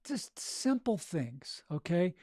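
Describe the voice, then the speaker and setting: A man's voice: high voice, big pitch swings, slow pace, warm tone, dry recording, studio quality. A man coaching audiobook narration on a podcast, encouraging and keeps checking in with "right?" and "okay?". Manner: encouraging, repeats "right?" and "okay?", demonstrates vocal exercises.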